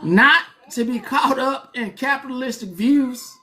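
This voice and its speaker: A man hosting a livestream, talking in an animated, profane, preachy rant. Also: extremely high pitch, unhurried. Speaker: livestream host.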